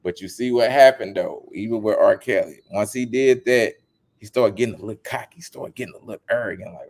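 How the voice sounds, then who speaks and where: A man giving casual commentary as a vlogger, animated and emphatic, with lots of slang. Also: on the low side, a little fast, vocal fry.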